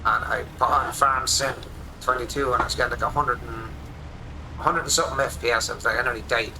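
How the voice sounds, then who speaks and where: An Irish man in his forties, a streamer rambling excitedly through casual commentary while he plays a game at his home desk. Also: mid-range voice, fast, creaky, background noise. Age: 40s.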